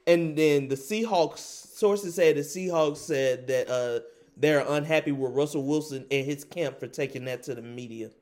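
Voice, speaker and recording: A man's voice: fairly high pitch, moderate pace, a little mellow. Slangy man relaying sports rumors. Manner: relays reports, casual slang, talks over the other man. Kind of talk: casual sports debate.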